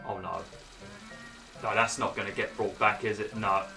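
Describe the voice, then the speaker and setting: A man's voice: fairly even intonation, moderate pace, gravelly, over music. A young man commentating on his own gameplay in a chatty way, swearing and yelping when frustrated. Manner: bursts into high exclaims when annoyed. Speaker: gaming YouTuber. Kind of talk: Let's Play commentary.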